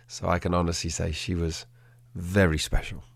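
A man, a dog trainer, telling a story in an animated way and acting out the quotes in a changing voice. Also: deep voice, moderate pace, gravelly, dry recording. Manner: animated, acts out quotes in a shifting voice. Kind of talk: conversational storytelling.

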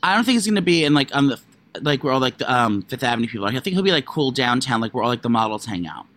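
Rambling, chatty male podcast co-host. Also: rapid-fire. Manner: rambling, lots of likes and ums, animated jumps in pitch. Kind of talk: casual gossip chat.

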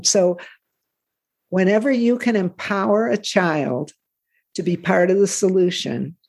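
Gravelly, husky advice-giving voice. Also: mid-range voice, darkish tone. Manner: advising, explanatory. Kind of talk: casual conversation.

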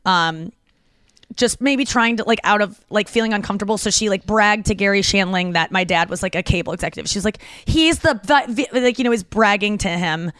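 A woman's voice: mid-range voice, fairly quick, a bit bright, clean tone, dry recording. Chatty woman comedian, dry close mic. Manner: chatty, filler-heavy, frequent "like" and restarts. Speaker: comedian podcast co-host. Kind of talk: casual chat, rambling storytelling.

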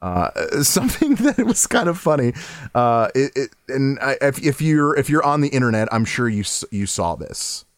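An excitable man talking casually on a podcast, full of fillers and quick restarts. His pitch swings up and down a lot as he laughs through his stories. The sound is dry and close, with no room echo. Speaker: podcast co-host. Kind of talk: casual chat.

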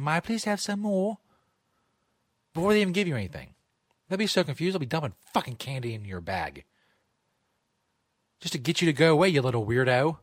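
Man, comedy show host, rambling, profane, lively pitch, dry studio sound. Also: dry recording. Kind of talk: comedic talk show monologue.

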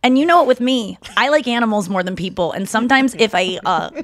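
A woman's voice: fairly high pitch, lively intonation, fast talker. A woman co-hosting a podcast in casual chat, talking in rambling, self-interrupting bursts. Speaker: podcast co-host.

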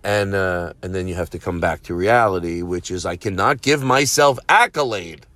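A man's voice: low voice, normal speed, fairly bright tone, no room sound. A man hosting a comedy podcast, talking in a rambling, profane, self-mocking monologue. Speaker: podcast host.

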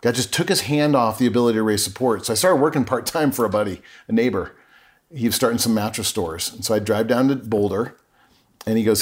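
A man's voice: fairly low pitch, fast. A middle-aged man, a podcast guest, telling his life story in an earnest, emotional way and often correcting himself mid-sentence. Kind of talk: candid personal storytelling.

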